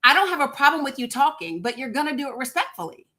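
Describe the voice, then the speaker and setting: A firm, blunt woman hosts a live call-in stream and holds callers to her rules. Her voice sits a little high and sounds bright and forceful. She speaks with steady authority. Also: quick pace. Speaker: host.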